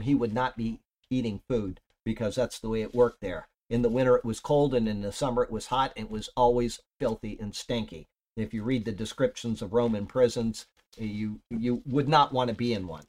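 A man talks through a Bible passage in an easygoing, unscripted way. He drifts between points, restarting sentences and filling pauses as he goes. His voice sits at an ordinary middle pitch. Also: a little mellow. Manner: rambling, conversational, with many fillers and restarts. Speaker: Bible teacher. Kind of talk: casual Bible teaching talk.

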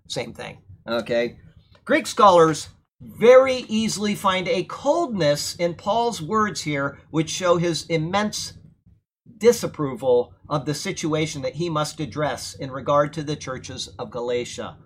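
A man's voice: on the high side, animated, a little slow, a bit bright, slight background noise. A man teaching a Bible class in sermon style, conversational and often checking in with his listeners. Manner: conversational, often asks "okay?"; swells to emphatic, indignant passages. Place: church room during a thunderstorm.

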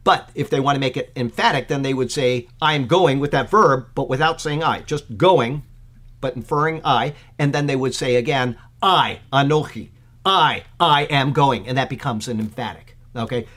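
In a casual, conversational Bible commentary, a pastor with a mid-range voice speaks a little fast, filling his talk with fillers as his excitement builds.

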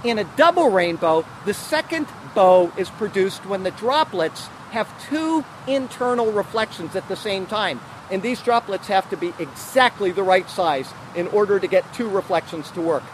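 A man's voice: high-pitched, lively intonation, moderate pace, hardly any pauses, slight background noise, low-quality recording. A man, a pastor, giving an earnest and emphatic sermon outdoors. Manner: earnest, emphatic preaching with restarts.

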